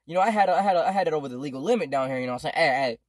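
Young man, fast rambling storyteller, slangy and profane, dry close sound, casual vlog. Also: a little high, expressive, dry recording. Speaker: vlogger.

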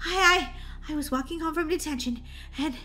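A woman playing a game role-play in an excitable, dramatic way, often stammering, over faint background noise. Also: high-pitched, brisk. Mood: excited.

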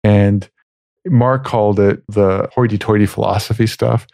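A man's voice: lowish voice, steady tone, unhurried, vocal fry, warm tone, dry recording. A man co-hosting a podcast, raising thoughtful, probing questions about a philosophy text. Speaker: podcast co-host. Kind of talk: casual philosophy discussion.

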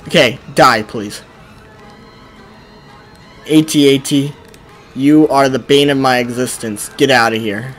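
A male streamer commentating his gameplay, often frustrated and ranting at the game, with sudden bursts of yelling. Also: mid-range voice, slow, pauses often, soft background music.

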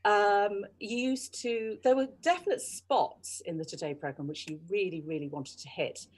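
A middle-aged woman, a radio journalist, telling lively anecdotes in a podcast interview. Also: medium pitch, moderate pace, husky. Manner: animated, mimics colleagues' voices. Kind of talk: storytelling interview chat.

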